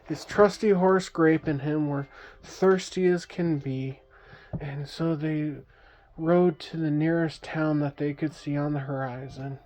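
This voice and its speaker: A woman's voice: low voice, fairly even intonation, a little slow, darkish tone. A woman telling a playful bedtime story, making sound effects and asking her listener questions. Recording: dull lo-fi recording.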